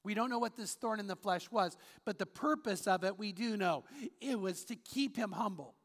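A man's voice: high voice, moderate pace, fairly bright tone. A man preaching a sermon as pastor, earnest and storytelling, reading scripture aloud in a church auditorium. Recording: long hall reverb.

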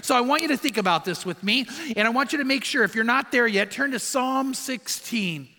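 A man's voice: very high voice, lively intonation, fairly quick, bright, forceful tone. A middle-aged man preaching a sermon, telling stories and repeating key phrases for emphasis. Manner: storytelling preacher, emphatic repetition. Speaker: pastor. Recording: long hall reverb.

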